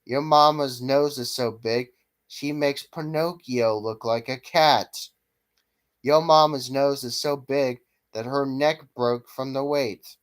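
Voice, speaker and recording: A man vlogger reading jokes aloud from a list at a steady pace, stumbling now and then. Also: mid-range voice, slow pace.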